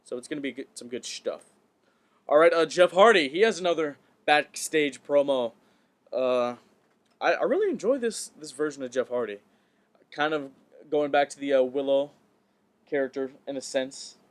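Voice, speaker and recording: A man's voice: a little high, animated, normal speed. A man co-hosting a podcast, chatting casually about wrestling, often stumbling and repeating words as he goes. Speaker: podcast co-host.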